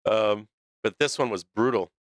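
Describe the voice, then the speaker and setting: A man's voice: fairly low pitch, normal speed, dry recording. A middle-aged man hosting a stock market livestream, talking in a blunt, profane, rambling way full of restarts. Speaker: stock market show host. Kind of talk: casual livestream rant.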